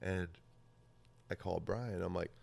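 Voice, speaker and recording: A man's voice: sits low, steady tone, unhurried, vocal fry, darkish tone. A man hosting a podcast, telling a rambling, profane story in casual talk and laughing often. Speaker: podcast host.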